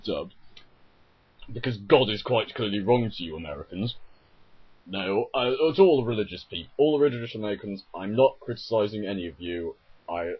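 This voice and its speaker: A man rants about an anime dub, exasperated and sarcastic. His low, husky voice swings widely in pitch. The home recording sounds dull and lo-fi. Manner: exasperated, sarcastic, frequently self-correcting. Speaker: YouTuber reviewing an anime dub. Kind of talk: ranting video commentary.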